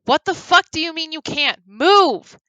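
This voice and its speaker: A woman reading as a terrified young woman who begs and shouts in shrill, pleading bursts. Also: lively intonation, a little slow, dry recording, muffled recording, full character voice. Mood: hysterical.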